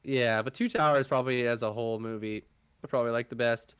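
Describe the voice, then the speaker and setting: A man's voice: mid-range voice, fairly bright tone, clear, resonant tone, no room sound. A man co-hosting a casual podcast, rambling with lots of fillers. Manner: quick, rambling, filler-heavy. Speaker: podcast co-host. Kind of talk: casual chat.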